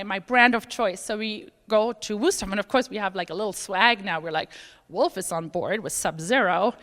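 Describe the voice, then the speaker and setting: Animated woman speaker in a reverberant hall. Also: a little high. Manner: animated storytelling, acts out quoted voices, many fillers. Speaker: conference speaker. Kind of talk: conference talk, personal story. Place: large conference hall.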